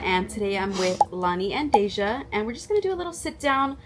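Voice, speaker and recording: A young woman hosting a casual girl chat, talking in a relaxed, easygoing way. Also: medium pitch, fast, noisy background. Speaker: host. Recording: music playing behind.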